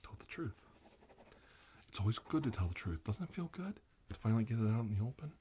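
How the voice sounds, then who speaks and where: A man doing a whispered role-play as a comic ASMR host, teasing and mock-soothing, with soft talk and whispers. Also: on the low side, very animated, quick pace, slight background noise.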